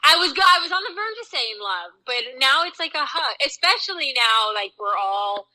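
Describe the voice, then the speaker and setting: A woman's voice: sits high, sing-song, normal speed, sharp tone, low-quality recording. A woman chef as a podcast guest, chatting in a bubbly way and laughing often. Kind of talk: casual interview chat.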